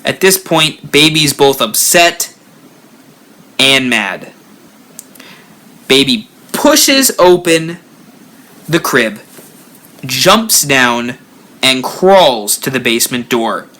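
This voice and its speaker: Slow bright-voiced male storyteller. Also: mid-range voice. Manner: animated storyteller, rising and dropping for effect. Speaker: haunt builder channel host. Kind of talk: live-streamed spooky story.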